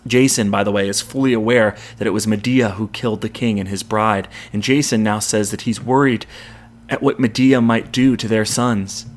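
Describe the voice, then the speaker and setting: A man's voice: on the low side, steady tone, moderate pace. A man hosting a podcast, retelling a Greek tragedy in a dramatic storytelling manner. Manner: dramatic storytelling with quoted lines. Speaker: podcast host.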